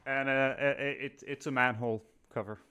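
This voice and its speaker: A man's voice: medium pitch, pushed and bright, smooth. A man co-hosting a podcast in casual chat, affirming and amused. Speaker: podcast co-host.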